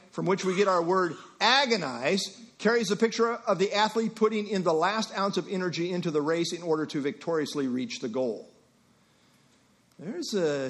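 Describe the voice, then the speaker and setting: A middle-aged male pastor preaching an expository sermon, emphatic, with rhetorical questions and quick asides. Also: sits high, a bit bright.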